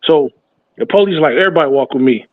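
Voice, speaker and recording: A man's voice: fairly high pitch, lively intonation, rapid-fire, no room sound. A man telling a story from his childhood in casual talk, acting out the other people's voices. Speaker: podcast host. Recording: tinny, phone-like sound.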